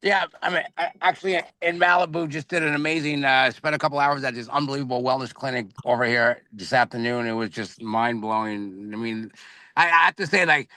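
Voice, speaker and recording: A man's voice: mid-range voice, a little fast, pushed and bright, no room sound. A man joining a video call as a guest, talking enthusiastically and stammering a little. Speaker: guest panelist. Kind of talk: casual chat.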